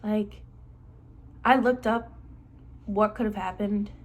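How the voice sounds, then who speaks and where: In a slow, steady, mid-range voice, a young woman in her late teens rambles through a casual storytime for her vlog. "Like" turns up constantly, in every sentence she says.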